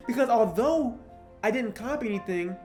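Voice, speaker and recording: A young man giving casual, animated commentary on online drama, joking around with slang and swearing. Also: very high voice. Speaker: YouTube commentator.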